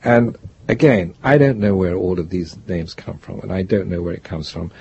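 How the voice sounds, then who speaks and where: An older man, a guest author, telling stories in an interview in a rambling, reflective way with a gravelly, husky voice. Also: low voice, normal speed, dark tone, dull audio, slight background noise. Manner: rambling, reflective, restarts often. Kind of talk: interview, storytelling.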